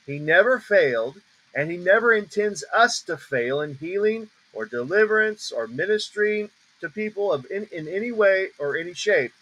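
A man teaching on a ministry call in a preaching style, emphatic and repeating declarations slowly with heavy stress on each word. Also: sits high, expressive, pushed and bright, poor audio.

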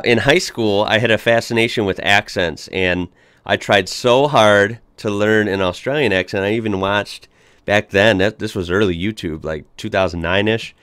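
Smooth-voiced American man, chatty. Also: lowish voice, normal speed, a bit bright, no room sound. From United States. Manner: chatty, upbeat, with restarts and fillers. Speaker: reaction video host. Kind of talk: casual reaction commentary.

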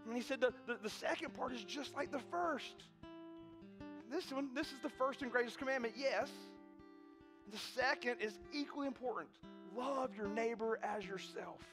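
A man preaching a sermon in a church, animated and full of repeated restarts, sometimes acting out the voices in his stories. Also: very high voice. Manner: animated, repetitive restarts, acts out quoted voices. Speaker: pastor. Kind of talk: sermon with storytelling. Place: church sanctuary.

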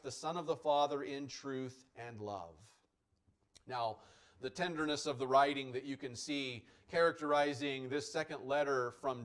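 A male pastor preaching a sermon in an earnest, emphatic way, his loudness rising and falling widely. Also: on the high side.

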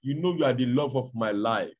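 A man voicing a patient, loving husband who gently pleads with his wife. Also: a little high, animated, unhurried, breathy edge, pitched above the performer's own voice. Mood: tender pleading. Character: patient loving poor husband, soft-spoken.

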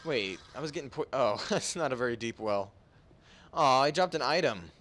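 A man giving casual, goofy gameplay commentary, laughing often and breaking into sudden excited outbursts. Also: mid-range voice, normal speed, a little hiss or hum. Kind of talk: casual let's-play commentary.

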